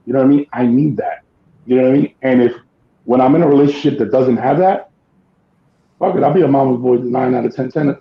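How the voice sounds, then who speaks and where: A man talks through a casual podcast chat in a blunt, emphatic way, swearing freely as he makes his points. His voice sits at an ordinary pitch for a man. The recording bounces around an echoey room and sounds a little dull. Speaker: podcast co-host.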